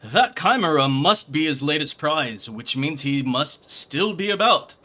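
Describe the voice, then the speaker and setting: A man doing a pompous booming inspector. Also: expressive, measured pace, pushed and bright, heavily acted. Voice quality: high, booming, theatrical. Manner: grandiloquent, pompous. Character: pompous male inspector, theatrical and grandiose. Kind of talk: reading game dialogue aloud in voices.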